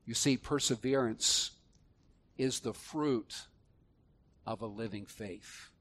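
A man preaching a sermon, moving between soft, low reflection and loud, emphatic passages. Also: slow, a little hiss or hum. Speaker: pastor.

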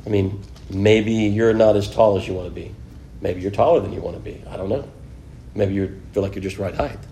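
A man's voice: lowish voice, a little fast, dark tone, slight background noise. A man preaching an informal Bible lesson, chatting with his class, asking them questions and filling in with "you know". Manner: conversational, asks the class questions, many "you know" fillers.

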